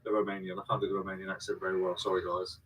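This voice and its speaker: A man's voice: low-pitched, bright, forceful tone, a little hiss or hum, rough recording. A man chatting casually on a live stream, repeating himself and thanking viewers. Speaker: online reseller and streamer.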